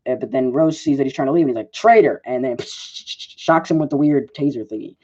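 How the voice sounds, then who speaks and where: A man's voice: medium pitch, brisk, warm tone. A man giving a casual movie review, rambling with lots of "like" and fillers and often correcting himself, on a dull lo-fi recording. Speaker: film reviewer.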